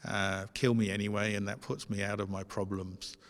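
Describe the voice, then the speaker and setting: A man telling a story puts on a calm, accepting old abbot whose low voice has a gravelly edge. He answers in an unhurried, faintly amused way, and long reverb hangs behind every phrase. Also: close to an everyday voice. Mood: serene. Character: gentle, unflappable elderly male abbot.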